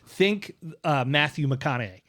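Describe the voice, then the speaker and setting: A man's voice: fairly high pitch, expressive, measured pace, a bit bright, no echo, studio quality. Rambling man reading quirky news. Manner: rambling, many fillers, enthusiastic about lists. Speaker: host. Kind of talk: casual chat, reading news items. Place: radio studio.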